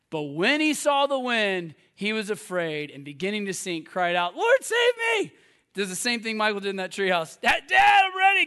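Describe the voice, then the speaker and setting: A man preaching a sermon in a lively, animated way, acting out quoted voices and laughing often at himself. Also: high-pitched. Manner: laughs often, self-deprecating. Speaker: pastor.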